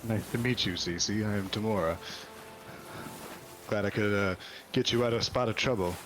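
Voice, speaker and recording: A man's voice: lowish voice, moderate pace, fairly bright tone, slight background noise. A man playing a character in a tabletop game, speaking in a polite, slightly formal way. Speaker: player. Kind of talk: in-character tabletop role-play.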